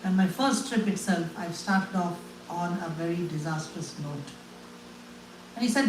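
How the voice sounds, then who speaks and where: A man from India, telling a personal testimony to an audience in an earnest, halting way. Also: high voice, expressive, noisy background. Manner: earnest storytelling with halting restarts. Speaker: guest speaker. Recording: echoey room, voice from a distance, faint ambience.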